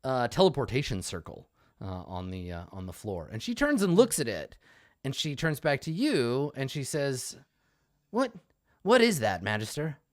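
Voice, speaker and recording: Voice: medium pitch, very animated, moderate pace, dry recording, clean studio sound. A person narrating as game master of a tabletop game, loose and chatty, laughing often.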